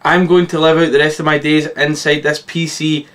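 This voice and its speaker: A man reading the lines of a rebellious male cartoon dog in a flat read-aloud way. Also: a little high, normal speed, close to an everyday voice. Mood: defiant.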